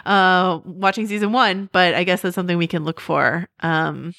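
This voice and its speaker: A woman's voice: lowish voice, normal speed, no room sound, clean studio sound. A woman co-hosting a podcast, chatting casually as she recaps a TV episode, rambling with lots of "like" and "um" and laughing often. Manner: rambling, animated, full of "like" and "um"; laughs often, acts out characters' lines in quotes. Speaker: podcast co-host.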